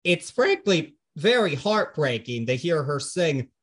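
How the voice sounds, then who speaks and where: A man with a slightly raised speaking pitch talks through a record in casual podcast chat. He sounds earnest and reflective as he weighs each song. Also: very animated, a little slow, fairly bright tone. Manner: earnest, thoughtful. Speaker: podcast co-host. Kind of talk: casual music review chat.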